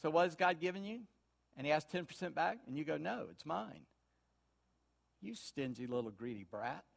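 A high-voiced man preaching from the pulpit. He tells homespun stories in a folksy way and swings between hushed asides and loud, emphatic points. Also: expressive, quick pace, vocal fry. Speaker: pastor. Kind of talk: sermon.

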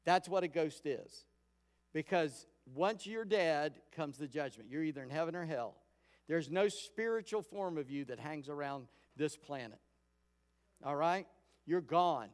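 A man's voice: on the high side, expressive, measured pace. Man preaching casually in a reverberant hall. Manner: conversational storytelling, acting out quotes. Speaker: pastor. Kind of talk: sermon.

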